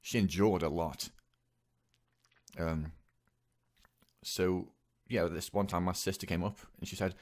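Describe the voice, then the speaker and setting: A young man speaking in a hesitant, halting way, with many pauses and restarts, in a personal confessional monologue. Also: low-pitched, steady tone. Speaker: vlogger.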